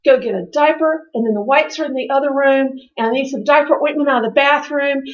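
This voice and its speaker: A woman with a high voice tells family stories in an animated, chatty way. The sound is a little dull and lo-fi, like a modest podcast setup. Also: quick pace. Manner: animated storytelling, acting out family quotes. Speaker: co-host, parent speaker. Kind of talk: conversational podcast talk.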